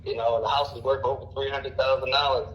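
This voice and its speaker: A man around forty, a caller telling a long personal story in a halting, rambling way with many fillers. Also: mid-range voice, level tone, a bit bright, echoey room, dull audio, slight background noise. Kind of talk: casual storytelling.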